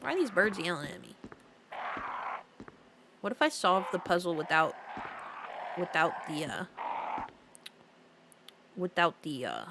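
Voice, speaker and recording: A woman's voice: fairly low pitch, big pitch swings, measured pace, vocal fry, pauses often, noisy background. A young woman streaming a game, chatting casually with her viewers, giggling often and drifting off topic as she reads their comments aloud. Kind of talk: casual live-stream chat while playing.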